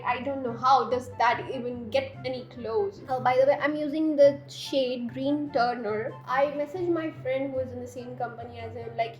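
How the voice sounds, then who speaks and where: High-voiced young woman ranting. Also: lo-fi sound. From India. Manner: exasperated ranting, frequent laughter and swearing. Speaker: beauty vlogger. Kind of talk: storytime chat while doing makeup. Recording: echoey room with faint background music.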